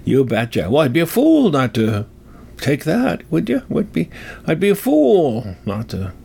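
A man's voice: a little high, wildly swooping pitch, a little slow, vocal fry, a little mellow, slightly rough, voice pushed up, heavily acted. A man voicing a folksy, rambling old Wild West codger in a put-on Old West movie drawl, chuckling as he talks. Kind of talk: comic impression.

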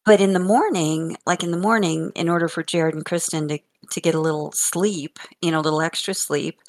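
Older lady, kinda gravelly and low, animated storyteller, repeats herself a lot. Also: fairly quick. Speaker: grandmother telling stories. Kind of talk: casual chat.

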